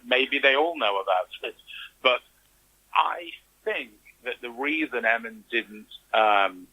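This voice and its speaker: A man speaks as an interview guest, recounting events in an animated way and acting out the remarks he quotes. His voice has a bright, forward edge with a husky grain. He sits at a middling pitch. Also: slow pace, rough recording. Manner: animated storytelling, acts out quoted reactions. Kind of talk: conversational interview.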